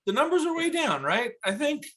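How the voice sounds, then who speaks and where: A man in casual podcast banter with a bright, high voice. He needles his co-host and is quick with his jokes. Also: sing-song.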